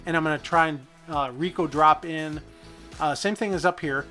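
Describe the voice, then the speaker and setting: A man's voice: fairly high pitch, steady tone, moderate pace, sharp tone, faint music behind. A man hosting a city-building gameplay video, rambling and thinking aloud in a goofy, self-deprecating way. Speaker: gaming channel host.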